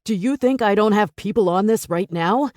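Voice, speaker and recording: A woman voicing a furious, protective male boss and father in an audiobook, accusing at first, later murmuring low and remorseful. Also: moderate pace, a little mellow, dry recording, studio quality, natural voice.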